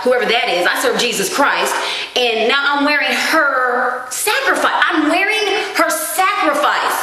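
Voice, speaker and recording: A woman vlogging at home, chatting to camera in an animated, self-mocking way. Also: on the high side. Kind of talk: casual chat to camera. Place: small dim room at home. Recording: very echoey room.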